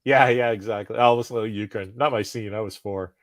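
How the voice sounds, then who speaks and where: A man's voice: fairly low pitch, steady tone, a little fast, no room sound. Casual male podcast co-host, 40s, rambling self-deprecating delivery, dry close mic. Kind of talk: casual chat.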